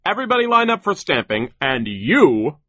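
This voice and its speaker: A man voicing a gruff mill foreman who barks orders in a harsh, muffled voice, pitched far above his own. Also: big pitch swings, moderate pace, sharp tone, dry recording, heavily acted. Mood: bossy shouting.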